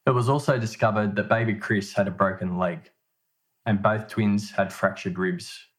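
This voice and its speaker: A man reading a scripted narration in a measured, matter-of-fact way. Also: fairly low pitch, fairly even intonation. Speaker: podcast narrator.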